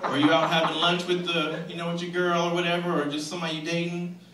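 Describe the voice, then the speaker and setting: A young man from Texas doing an animated stand-up comedy set, bursting loud when he acts out characters. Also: fairly high pitch, quick pace. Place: comedy club stage. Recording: roomy club sound, mic at a distance, loud crowd.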